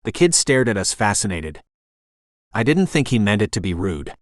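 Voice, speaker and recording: Low-voiced male audiobook narrator. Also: sing-song, moderate pace, dry recording, clean studio sound. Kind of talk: scripted first-person narration.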